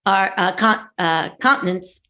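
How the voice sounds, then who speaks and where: A woman from the Philadelphia area, a guest in a casual chat, talking in a halting, chatty way with many restarts. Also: fairly low pitch, bright, forceful tone. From Philadelphia area, USA.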